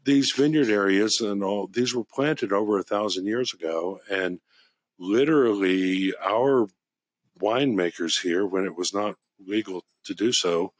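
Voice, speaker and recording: He speaks a little slowly in a somewhat low voice, a wine shop podcast host happily wandering from one wine story to the next. His excitement about the subject comes through in the casual chat, captured close and dry with no echo or room sound.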